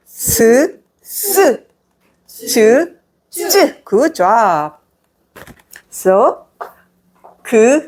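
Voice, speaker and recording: A woman with a Korean accent, a native Korean speaker, teaching pronunciation to a class, slowly modeling sounds and praising her students. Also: a little high, a little mellow.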